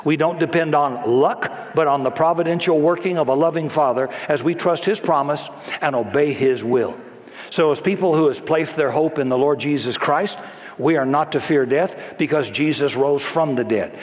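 A man preaching in a voice pitched a little high, acting out the people he quotes with drama. His words ring through a hall with a long reverb. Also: normal speed. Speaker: pastor. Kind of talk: sermon.

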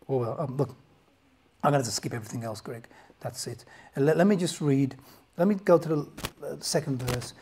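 A man preaching a sermon as a pastor, impassioned and swinging from loud outbursts to hushed whispers. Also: medium pitch, brisk, low-quality recording.

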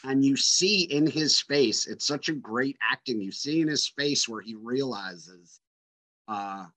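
A man's voice: mid-range voice, lively intonation, a little slow, sharp tone. A man on a casual movie podcast, retelling scenes and acting out the characters' lines.

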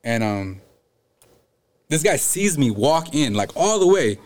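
A man's voice: medium pitch, sing-song, slow, darkish tone. A young man telling a story in casual chat, slangy and full of cursing and "like" fillers. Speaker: podcast guest telling a story.

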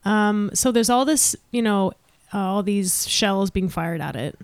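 A woman in casual podcast talk, asking chatty, curious questions. Her voice is smooth and clear, recorded close and dry with no room sound. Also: medium pitch, lively intonation, unhurried, no echo. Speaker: podcast co-host.

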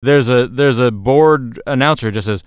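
A podcast co-host walking through film trivia in an animated, casual way. His voice is smooth and clear, recorded dry and close. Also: medium pitch, moderate pace, no echo. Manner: animated storytelling. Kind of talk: casual movie discussion.

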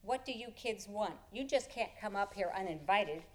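A woman voicing a gruff, bossy old woman who keeps animals, giving curt, scolding orders in a storybook reading. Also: medium pitch, expressive, moderate pace, close to an everyday voice.

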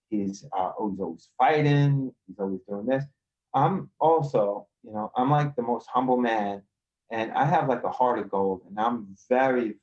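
A man from Queens, a podcast guest telling rough street stories in a swaggering, profane way over a video call. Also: medium pitch, darkish tone, lo-fi sound. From Queens, New York. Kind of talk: casual storytelling.

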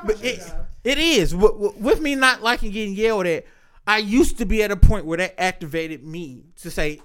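A man's voice: sits high, moderate pace, a bit bright, clear, resonant tone. A man hosting a podcast, telling personal stories in a candid, profane, reflective way. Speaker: podcast host. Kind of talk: casual podcast chat.

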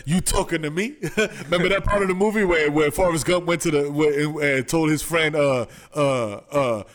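A man co-hosting a comedy podcast, laid-back and hesitant, reacting with quick asides. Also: fairly high pitch. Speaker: podcast co-host. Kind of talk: casual comedic banter.

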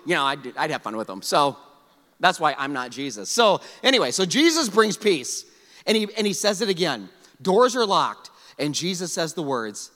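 Lively high-voiced man preaching in a reverberant hall. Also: normal speed. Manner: energetic, joking, asks the congregation to respond. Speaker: pastor. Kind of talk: sermon. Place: church sanctuary.

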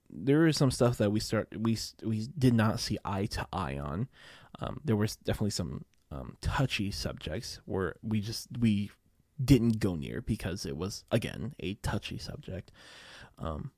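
Rambling young man with a gravelly voice. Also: fairly low pitch, darkish tone, no echo, studio quality. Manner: rambling, with many fillers and self-corrections; swears casually and laughs at himself. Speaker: podcast host. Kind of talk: casual storytelling monologue.

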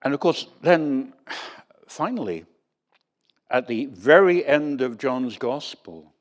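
Lively, wry preacher, man. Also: mid-range voice, slow. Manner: lively storytelling with wry humour. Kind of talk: sermon.

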